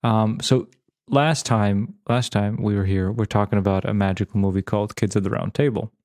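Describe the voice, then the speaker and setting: A man's voice: on the low side, moderate pace, dry recording, studio quality. A man co-hosting a podcast, chatting casually and acting out movie scenes with frequent laughter. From former Yugoslavia. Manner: animated retelling, acting out scenes, laughs often. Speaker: podcast co-host. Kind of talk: casual chat.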